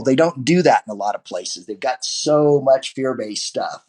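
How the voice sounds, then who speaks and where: A man's voice: on the high side, normal speed, darkish tone. A man, a martial arts teacher, talking as a podcast guest in a loose, rambling way with many restarts and fillers. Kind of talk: podcast interview guest, casual talk.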